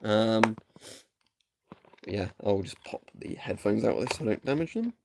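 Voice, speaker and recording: A man's voice: lowish voice, expressive, moderate pace, creaky, noisy background. A man doing a casual live stream, chatting and thinking aloud while he tests equipment.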